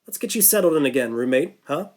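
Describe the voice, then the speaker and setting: A woman's voice: low voice, animated, fast, a little mellow. A man voicing a caring female Russian crewmate with a thick Russian accent in an audiobook. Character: warm, bear-hugging female Russian crewmate.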